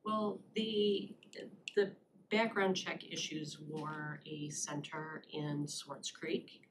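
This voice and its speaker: A woman on county staff answering committee questions in a measured, explanatory way, pausing with fillers. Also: deep voice, level tone. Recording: noisy public meeting room.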